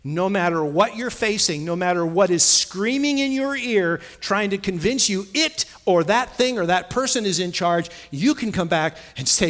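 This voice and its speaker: A man's voice: high-pitched, lively intonation, normal speed, hardly any pauses, a bit bright. A man preaching a sermon, stressing key phrases and repeating lines for emphasis. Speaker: pastor.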